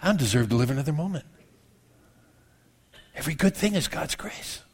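A man in his fifties preaching a sermon in a church, conversational and self-mocking, swinging from loud exclamations to hushed confessions. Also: on the high side, lively intonation, brisk, breathy edge. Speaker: pastor.

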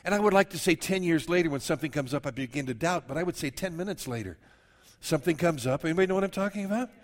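A man's voice: on the high side, rapid-fire. A man preaching a sermon while he has a cold and coughs now and then, acting out the voices of the people he quotes. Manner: animated, acts out quoted voices. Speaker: pastor.

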